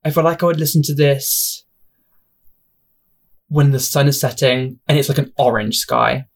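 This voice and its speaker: A man's voice: mid-range voice, moderate pace, vocal fry. Rambling, giggly young man. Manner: rambling, self-deprecating, giggly and expressive. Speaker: podcast host. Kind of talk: casual solo podcast chat. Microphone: home podcast mic.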